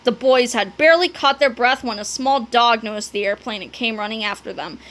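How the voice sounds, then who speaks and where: A woman reading a children's book aloud, telling the story with animated delivery and dramatic sound words. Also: on the high side, fairly quick. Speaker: narrator.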